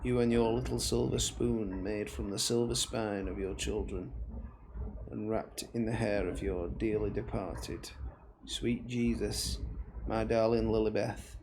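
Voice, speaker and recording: A man's voice: on the low side, little pitch movement, a little mellow. A man doing a tormented confessing man. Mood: brooding. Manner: slow, brooding reading in a put-on accent. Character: tormented man confessing his monstrous deeds. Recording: background noise under the voice.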